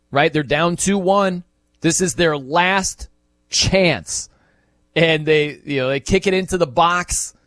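A man talking sports on the radio in a casual, loose way. His voice sits a bit higher than most men's and sounds dry and close to the mic. He keeps breaking into lively acted-out reactions that jump up in pitch. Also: no echo. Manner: animated, acts out quoted reactions in bursts. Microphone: studio microphone.

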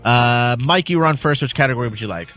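A man's voice: mid-range voice, fast talker, a bit bright, soft background music. A man co-hosting a sports radio show, running a quiz round with upbeat, playful banter. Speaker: radio co-host.

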